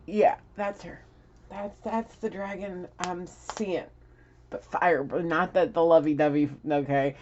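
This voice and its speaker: A woman's voice: lowish voice, steady tone, measured pace, a little mellow, dull audio, slight background noise. A woman giving a casual spiritual card reading at home, rambling and laughing often as she talks to her viewers. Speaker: tarot reader. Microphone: camera.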